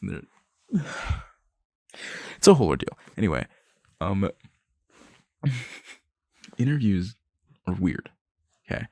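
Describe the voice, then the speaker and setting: A young man with a very low, gravelly voice rambles through an ASMR boyfriend role-play. He talks nervously, laughs and swears as he goes. His voice sits close on the mic in a dry, dead room. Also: sing-song, slow, long pauses, warm tone, no room sound.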